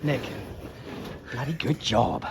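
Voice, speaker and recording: A man's voice: medium pitch, slow, creaky, very noisy. A man vlogging from his farm, chatting to the camera and coaxing his cattle along. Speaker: farmer vlogger. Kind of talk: casual farm vlog narration. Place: outdoors on a farm and at a livestock market.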